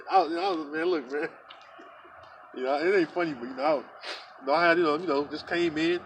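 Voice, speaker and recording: A man's voice: fairly high pitch, sing-song, brisk, gravelly, fairly bright tone, recorded from a distance, a little hiss or hum. A man telling a story in casual talk, rambling and profane, repeating himself with lots of "you know" and "man". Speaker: religious group member telling a story.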